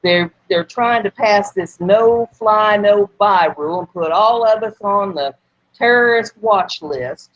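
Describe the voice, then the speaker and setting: Female co-host; emphatic, indignant talk at a mid pitch. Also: takes it slowly, muffled recording. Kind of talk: casual political talk.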